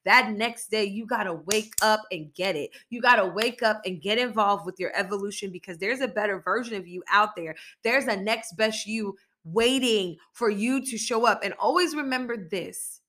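A woman hosts a motivational podcast with a bright, forceful voice. She talks casually but builds emphatic, repeated phrases in a preaching rhythm. Her encouragement is steeped in faith. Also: medium pitch, moderate pace, few pauses. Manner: emphatic, repetitive preaching cadence. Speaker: podcast host.

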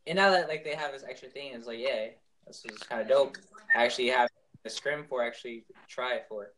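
A man's voice: medium pitch, brisk, a bit bright, poor audio. A man who plays the game, chatting casually, laid-back and filler-heavy. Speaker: player guest. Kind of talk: casual gaming chat.

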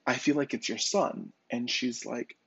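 A man's voice: mid-range voice, fairly even intonation, a little slow, vocal fry, fairly bright tone, breathy edge, no room sound, lo-fi sound. A man who works as a psychic medium, telling a personal story in a conversational way, with fillers and restarts.

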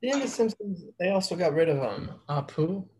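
A man's voice: high voice, lively intonation, normal speed, warm tone, a little hiss or hum. A man co-hosting a casual podcast, rambling in a laid-back, slangy way. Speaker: podcast co-host. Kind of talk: casual chat.

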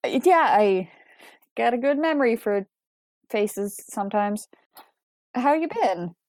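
Woman player doing a cautious, dry-humored young woman, bright and close-miked. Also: a little high, animated, slow, dry recording. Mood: wary. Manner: wry, hesitant, filler-heavy.

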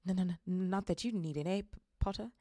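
A woman's voice: on the low side, brisk, mellow, dry recording, clean studio sound, lightly acted. A pale, jittery young man who trips over his consonants in a nervous stammer, voiced by a woman reading aloud. His delivery is hesitant and shaky throughout.

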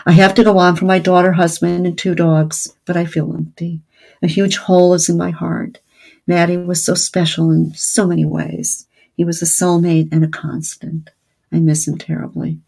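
A woman podcast co-host, a family therapist, reading a listener's letter aloud in a slow, gentle and earnest way, then chatting with her co-host. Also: on the low side, level tone, creaky, slightly rough.

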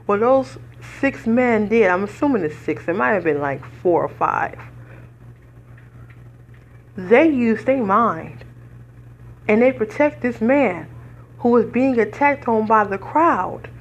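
A woman's voice: fairly high pitch, lively intonation, slow pace, pauses often, highs cut off. A woman hosting a podcast, speaking in earnest, preacherly commentary and fighting back tears. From United States. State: tearful. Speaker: podcast host. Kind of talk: emotional personal commentary.

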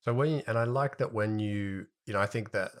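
A man hosting a podcast, explaining ideas quickly with everyday analogies in a relaxed conversation. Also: lowish voice.

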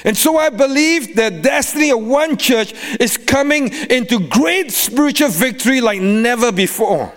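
A man preaching a sermon as a guest preacher, animated, with sing-song cadences and frequent laughter. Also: very high voice, normal speed, few pauses.

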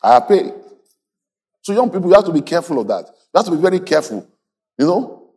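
A man's voice: high-pitched, very animated, rapid-fire, a little mellow, slightly rough. A male pastor preaching a sermon, leading the congregation in call-and-response and mimicking church members for effect.

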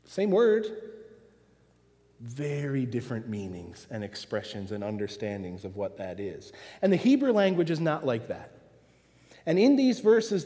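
Male pastor, lively pitch, mellow tone, earnest sermon delivery with long hall reverb. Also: unhurried. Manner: earnest preaching with rhetorical questions.

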